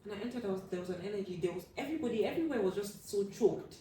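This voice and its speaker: A young adult woman telling a personal story as an interview guest, acting out what people said with sudden loud high bursts. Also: racing, far from the mic. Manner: animated, acts out quoted voices with sudden loud high bursts. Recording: echoey room, voice from off the mic, faint room hum.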